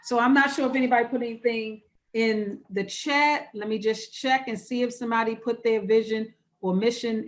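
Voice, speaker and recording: A woman pastor with a somewhat high voice leads an online church workshop over a video call. She keeps it conversational and encouraging, and she circles back to repeat her key phrases. It sounds like live teaching, not a script. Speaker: pastor leading a church webinar. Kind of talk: interactive online workshop talk.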